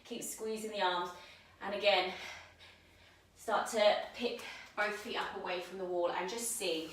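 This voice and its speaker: A woman teaching a yoga handstand class, giving calm step-by-step cues while she demonstrates, somewhat out of breath. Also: medium pitch, a little slow. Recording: very echoey room, mic at a distance.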